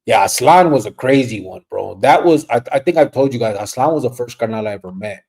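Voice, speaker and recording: A middle-aged man hosting a casual livestream, rambling and relaxed, dropping Spanish slang as he reads comments. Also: mid-range voice, brisk, vocal fry, slightly rough. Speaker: livestream host.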